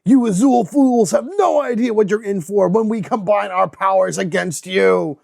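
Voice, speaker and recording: A man's voice: sits high, moderate pace, vocal fry, a little mellow. A gloating evil ranger villain, put on by a man. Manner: gloating, menacing taunts.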